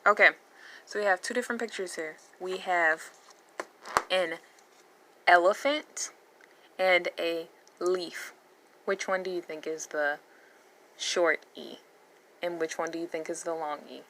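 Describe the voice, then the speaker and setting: A woman's voice: on the low side, fairly even intonation, a little slow, long pauses, bright, forceful tone, slight background noise. A woman teaching a phonics lesson, patiently repeating letter sounds and words. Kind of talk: slow phonics lesson for learners.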